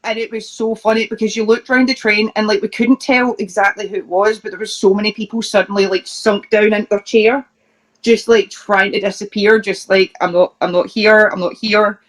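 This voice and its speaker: A Scottish woman in the middle of an interview, telling funny road stories in a loose, chatty way. She laughs as she goes, trips over her words and restarts her sentences. Her voice sits at a medium pitch. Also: little pitch movement, a little fast. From Scotland. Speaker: professional wrestler, interview guest. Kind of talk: casual anecdote telling.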